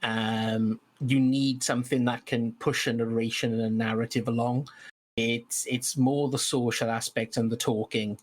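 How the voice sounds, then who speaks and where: A man's voice: medium pitch, level tone, a little slow. A man co-hosting a podcast in casual chat about tabletop games, talking hesitantly with many restarts. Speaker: podcast co-host.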